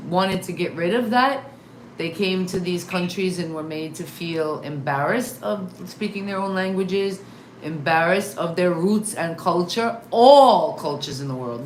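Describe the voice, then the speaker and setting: A middle-aged American woman hosting a live interview show, chatting in a rambling, animated way. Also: on the low side. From United States. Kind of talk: casual live interview chat. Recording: echoey room, faint noise.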